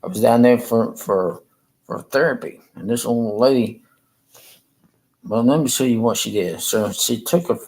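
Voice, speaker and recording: Slow, halting man. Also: medium pitch, a little mellow, poor audio. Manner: halting, rambling, repeats himself. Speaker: livestreamer. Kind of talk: casual livestream chat. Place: room in a rehab facility.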